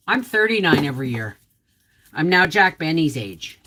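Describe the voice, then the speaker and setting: Hosting her homestead livestream, the middle-aged woman chats in a rambling way and calls out viewers by name, her voice a little off. It's low-pitched but a bit bright, swinging widely in pitch at a normal pace, with a faint hiss or hum underneath.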